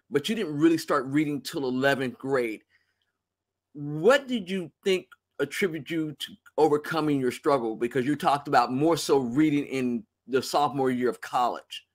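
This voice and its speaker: A man's voice: fairly high pitch, expressive, normal speed. A man hosting a casual interview, reacting with short exclamations and asking reflective questions. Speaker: interview host.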